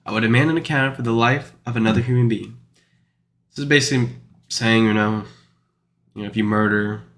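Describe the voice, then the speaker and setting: A man's voice: fairly low pitch, fairly bright tone, a little hiss or hum. A man reading scripture aloud and explaining it in an informal, rambling way, full of fillers and self-corrections. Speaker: Bible study teacher. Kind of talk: informal Bible study reading and commentary.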